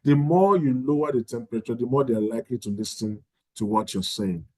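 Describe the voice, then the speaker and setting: Acting as a course facilitator, a man leads an online training session in a conversational style, role-playing sample exchanges with parents. He speaks briskly at medium pitch, with no echo on the recording.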